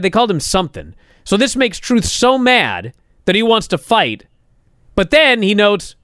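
Exasperated man recapping, lively high voice. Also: moderate pace, clean tone, no echo, clean studio sound. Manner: exasperated, sarcastic, rising to indignant outbursts. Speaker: wrestling show reviewer. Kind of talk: casual recap commentary.

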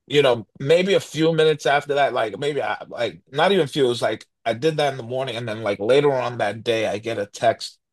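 A middle-aged man tells a story in a loose, rambling way, full of restarts and fillers. His pitch sits in the middle range, and he puts on the voices of the people he quotes. The sound is dry and close, with no room echo. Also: fairly quick, hardly any pauses. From New York. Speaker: guest. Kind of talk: animated storytelling.

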